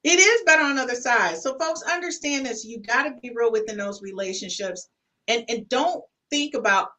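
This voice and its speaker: A woman with hosts a podcast panel, emphatic and folksy as she lectures her audience. Her voice is bright and fairly high. She sits a little back from the mic, so she sounds distant. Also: lively intonation, fairly quick. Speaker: podcast host. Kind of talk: casual panel talk.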